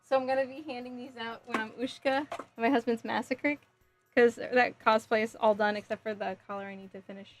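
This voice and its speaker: A woman live streaming from home, chatting casually, reading chat aloud and giggling as she thinks out loud. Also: on the high side, steady tone, brisk. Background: faint music.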